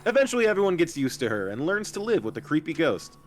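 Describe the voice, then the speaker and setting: A man reading out game prompts in casual tabletop chat, animated and quick to laugh. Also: on the high side, soft background music.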